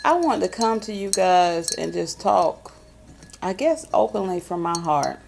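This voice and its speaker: A woman's voice: fairly low pitch, expressive, creaky, darkish tone, slight background noise. A woman, hosting a casual, folksy chat to camera. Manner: chatty, folksy, drawn-out emphasis. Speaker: vlog host.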